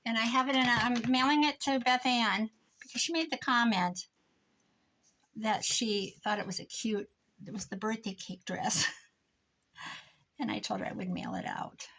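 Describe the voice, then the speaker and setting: A woman's voice: fairly high pitch, steady tone, normal speed, long pauses, fairly bright tone, rough recording. A middle-aged woman with a Midwestern American accent, chatting casually to her viewers while she crafts in her craft room, rambling and laughing often. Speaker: crafting vlogger.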